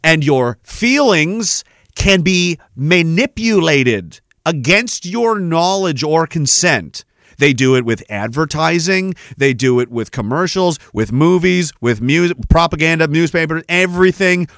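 A man's voice: fairly high pitch, unhurried, no echo. Guy ranting on his podcast, swears a lot, rambles, dry close mic. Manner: profane, rambling, animated rant. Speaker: podcast host. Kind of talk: ranting monologue.

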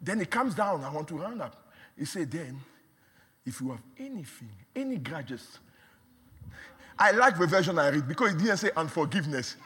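A man delivers a sermon in a high, lively voice that climbs and dips all over. He repeats words for emphasis and swings between quiet asides and shouts. His voice rings out with a long echo, as in a large hall. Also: moderate pace, long pauses, slightly rough. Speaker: preacher.

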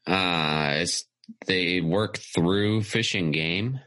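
A man's voice: low voice, drawn-out words, sharp tone, no room sound. A man co-hosting a podcast, talking in a laid-back, dry way, as if he has just woken up. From California. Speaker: podcast co-host. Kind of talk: casual podcast chat.

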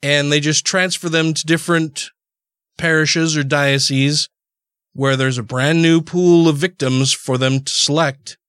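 A man hosting a casual podcast, with a slightly higher voice. He laughs often and swears freely. He is recorded dry and close to the mic, with no room sound. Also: fairly even intonation, a little slow, fairly bright tone, clear, resonant tone, no echo. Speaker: podcast host.

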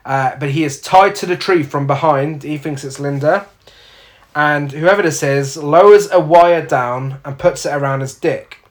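A man's voice: fairly high pitch, measured pace. A man, casually recapping a film's plot with sweary, sardonic asides. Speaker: podcast co-host. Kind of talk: casual film review chat.

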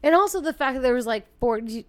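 A woman with a slightly high, clear voice, chiming in on a casual podcast with blunt, joking remarks and some swearing. She sounds close and dry. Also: animated, fast talker, no room sound. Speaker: podcast co-host. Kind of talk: casual true-crime chat.

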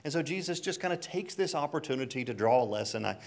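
A man's voice: medium pitch, expressive, fast, gravelly. A man preaching a conversational sermon, chuckling often and telling stories between scripture readings.

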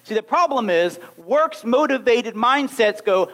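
Male preacher, high voice, wide swings in pitch, animated sermon delivery. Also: slow pace. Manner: animated, acts out little scenes and voices.

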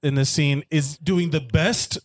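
Rambling joking man, slightly high voice. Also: fairly even intonation, a little slow. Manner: joking, swearing, rambling with restarts. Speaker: podcast host. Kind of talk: casual movie commentary chat.

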